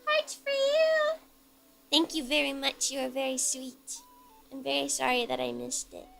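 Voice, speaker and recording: Playful woman chatting to chat while she bakes, high voice with some gravel in it, music going behind. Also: little pitch movement, normal speed, sharp tone. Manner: playful and bubbly, chats with viewers while cooking. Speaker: streamer baking on a live stream. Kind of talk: casual live-stream chat while baking.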